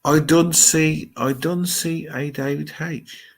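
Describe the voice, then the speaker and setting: A middle-aged man with an English Midlands accent hosts a live stream, his fairly high voice steady and slow. He chats loosely about viewers' comments, rambling as he thinks aloud.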